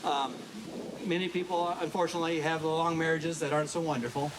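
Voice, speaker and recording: A man giving a folksy, halting wedding toast at a reception, telling a joke with many fillers. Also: on the high side, steady tone, background noise. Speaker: wedding toast speaker, family of the bride.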